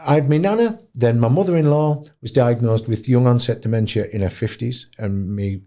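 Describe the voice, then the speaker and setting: A middle-aged man with a Yorkshire accent, telling stories as a podcast guest in an expressive, self-mocking way. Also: normal speed. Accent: Yorkshire English. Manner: expressive, swoops high for quoted voices, self-mocking. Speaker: podcast guest, dementia advocate. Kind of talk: animated storytelling in conversation.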